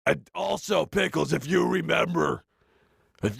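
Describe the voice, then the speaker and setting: A man giving a rambling, deadpan comic monologue full of restarts and asides, close to the mic. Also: lowish voice, takes it slowly, vocal fry, long pauses, husky, no echo. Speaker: comedian doing a parody reading.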